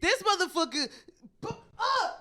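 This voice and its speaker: A woman co-hosting a podcast, telling a story in lively casual chat, swearing freely and laughing as she goes. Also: extremely high pitch, moderate pace. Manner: animated, swearing, laughing while telling stories. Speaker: podcast co-host.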